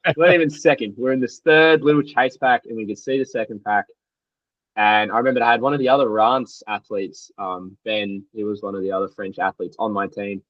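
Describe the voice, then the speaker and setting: A young Australian man with an Australian accent, recounting his story as a guest in an interview, animated and tumbling along with lots of "like". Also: on the low side, fairly quick, no echo, dull audio. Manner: animated, tumbling retelling full of "like". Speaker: guest athlete.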